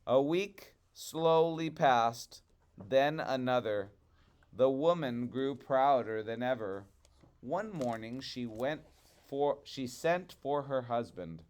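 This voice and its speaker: A man reads a fairy tale aloud to children, drawing the lines out slowly. His delivery is expressive and rhythmic, at a medium pitch. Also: clear, resonant tone. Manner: slow, expressive, rhythmic reading. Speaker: storyteller. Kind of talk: storybook reading to children.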